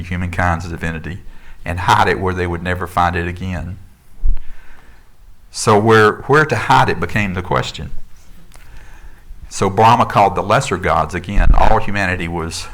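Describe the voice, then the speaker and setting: Deep-voiced man preaching with many fillers. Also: fairly bright tone. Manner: conversational storytelling with many fillers. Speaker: minister. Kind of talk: sermon.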